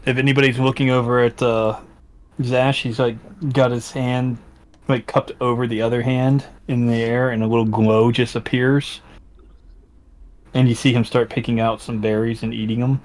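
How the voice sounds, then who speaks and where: A man's voice: medium pitch, little pitch movement, moderate pace, darkish tone. A man playing a tabletop game, casually describing what his character does, with many fillers. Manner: describes actions with many likes and uhs. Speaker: tabletop player.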